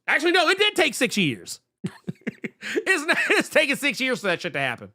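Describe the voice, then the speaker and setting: Man, podcast co-host, bright tone, swinging pitch, heated profane rant, stumbling restarts. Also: wildly swooping pitch, moderate pace. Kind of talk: casual comics podcast chat, reading viewer messages.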